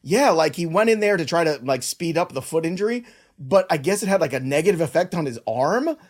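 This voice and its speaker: A man's voice: on the high side, animated. Man rattling off baseball stats. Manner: quick run-through of stats, laughs easily. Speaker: podcast host. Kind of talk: casual sports podcast chat.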